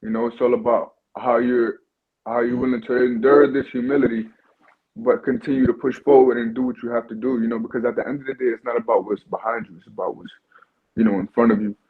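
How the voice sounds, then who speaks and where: New york guy in his 20s on a phone call, husky voice, tinny line. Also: mid-range voice, flat delivery, quick pace. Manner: earnest, repeats "you know". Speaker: guest boxer. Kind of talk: remote interview via phone.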